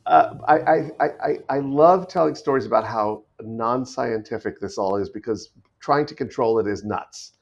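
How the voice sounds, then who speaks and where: A man's voice: mid-range voice, moderate pace, gravelly, hardly any pauses. American man with a dull lo-fi sound. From United States. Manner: animated storyteller with frequent restarts. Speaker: guest actor. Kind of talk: casual podcast conversation. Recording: dull lo-fi remote audio.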